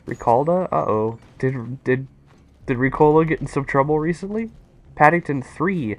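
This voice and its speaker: A young man chatting casually and excitedly with his viewers while playing a game on a live stream. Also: fairly high pitch, moderate pace, no echo. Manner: excitable, rambling, talks to chat.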